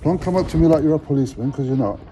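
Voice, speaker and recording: A man's voice: a little high, rapid-fire, very noisy. A man from London with a Cockney accent, arguing bluntly and repeating himself while filming in a public office. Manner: blunt, combative, repetitive. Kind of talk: confrontational street-filming talk.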